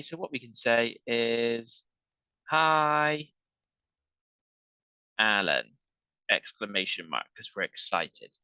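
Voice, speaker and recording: A man with a medium-pitched, bright, forceful voice teaches an online English lesson, working slowly and patiently through examples and checking in with "okay" again and again. The recording is lo-fi with no echo.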